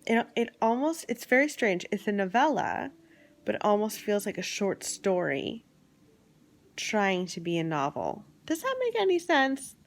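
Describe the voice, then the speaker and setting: A woman from Canada talks to her viewers from home at night in an unhurried, chatty way. She drops into soft whispers, then brightens into sudden exclamations. Her voice sits at an ordinary middle pitch. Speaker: vlogger. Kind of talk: casual chat.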